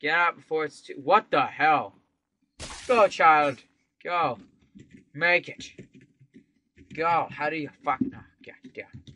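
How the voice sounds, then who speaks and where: A man giving casual, profane game commentary, swinging into sudden loud outbursts. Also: a little high, slow pace, pauses often, a little hiss or hum. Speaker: gameplay commentator.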